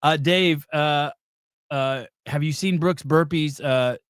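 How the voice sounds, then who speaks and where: A male podcast host tells stories in casual, rambling chat, full of fillers and restarts, and acts out quotes. His voice is on the high side, slow, fairly bright and clean. The studio sound is clean with no echo.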